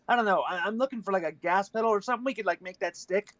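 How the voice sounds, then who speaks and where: A man's voice: high-pitched, very fast, a bit bright. A man playing a tabletop game, talking casually and searching for his words with many restarts. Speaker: player.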